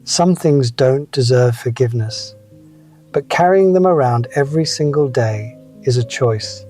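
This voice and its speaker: A man's voice: medium pitch, unhurried, a little mellow, faint music behind. A man in his seventies telling wry, reflective personal stories as a scripted motivational talk. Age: 70s. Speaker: motivational speaker.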